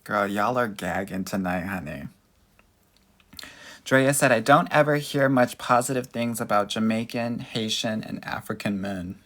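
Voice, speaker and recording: Unhurried and fairly bright, his voice sits on the low side. The American man coaches viewers on dating in a live Q&A, reading their comments aloud in a flamboyant, sassy way and calling them honey and girl.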